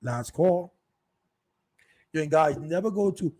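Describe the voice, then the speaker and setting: A man's voice: a little high, animated, normal speed, dark tone, poor audio. A man telling a rambling, profane story in a casual monologue, full of restarts and repeated words. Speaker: show host telling stories.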